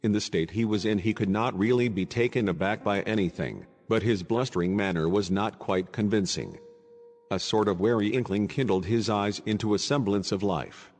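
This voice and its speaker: Low-voiced man narrating an audiobook. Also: moderate pace, a little mellow, in a large hall.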